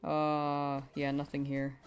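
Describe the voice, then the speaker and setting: A young American woman streaming a game, talking easily with her chat and breaking into giggles between thoughts. Her voice sits a little low for a woman, and soft game music plays faintly behind her. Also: completely flat delivery, slow pace. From United States. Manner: giggly, laughs often, chatty with viewers. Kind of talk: live gameplay stream chat.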